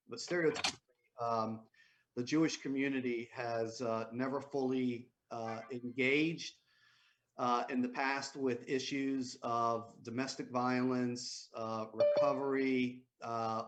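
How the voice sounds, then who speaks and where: Man, rabbi, mid-pitched voice, hesitant, lots of uhs, measured. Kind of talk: panel discussion answer.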